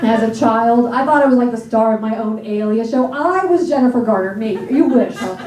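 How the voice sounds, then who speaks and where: A high-pitched woman with an American accent performs a stand-up set full of dry, self-mocking asides. She sounds a little off the mic, and her voice rings around an echoey comedy club. Laughter from the audience is clear behind her. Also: fairly quick, distant mic, a loud crowd, very noisy. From Northern Ireland. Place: comedy theater stage before a laughing audience.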